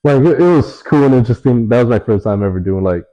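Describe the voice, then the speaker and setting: A young man telling stories in a relaxed interview, swearing often and leaning on fillers. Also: medium pitch, fast, lo-fi sound. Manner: laid-back, swears a lot, many fillers. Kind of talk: casual storytelling in an interview.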